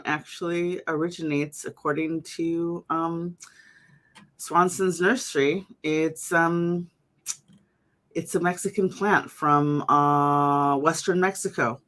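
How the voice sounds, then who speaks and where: A woman hosts a casual, chatty conversation full of fillers and restarts. Her low voice is steady and a bit bright, and she takes her time.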